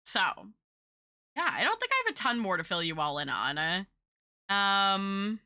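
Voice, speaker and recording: Bright, chatty young woman streamer. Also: mid-range voice, huge pitch swings, unhurried. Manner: rambling, chatty, swears casually. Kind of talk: casual chat with stream viewers.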